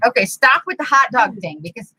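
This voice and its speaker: Very animated and brisk, a middle-aged woman with a slightly high, bright, forceful voice runs a craft live stream from her indoor craft room. She chats casually while working and playfully scolds and teases the kids. Her desk computer mic produces a low-quality recording with a little hiss or hum.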